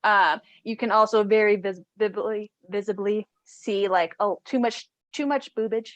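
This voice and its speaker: A woman's voice: mid-range voice, fairly even intonation, normal speed, dry recording. A woman playing a tabletop game, describing her character and speaking in character in a playful, flirtatious way. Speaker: player. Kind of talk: in-character tabletop role-play.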